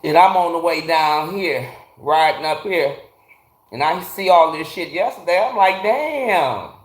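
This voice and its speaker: A man hosting a live phone stream from a garage, cursing freely and ranting bluntly while calling out his viewers by name. His voice sits a little on the high side, and the room gives it a hollow, echoey ring. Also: normal speed. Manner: blunt, profane ranting, greeting chatters by name. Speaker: livestream host. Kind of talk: casual livestream chat with viewers.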